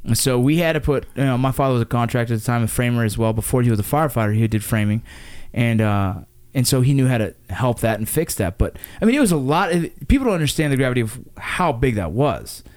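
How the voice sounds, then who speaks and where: A man in his thirties from Los Angeles, retelling a memory to his father in casual conversation, fast and animated with frequent restarts. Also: medium pitch. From Los Angeles, USA. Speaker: son recalling a disaster with his father.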